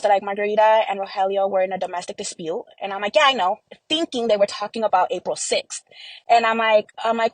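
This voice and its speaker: A woman's voice: medium pitch, steady tone, brisk, no echo, rough recording. Young woman guest, dry close sound, grief-laden storytelling full of quoted dialogue and fillers. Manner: recounts events by acting out quoted dialogue, many fillers. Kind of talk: emotional personal storytelling.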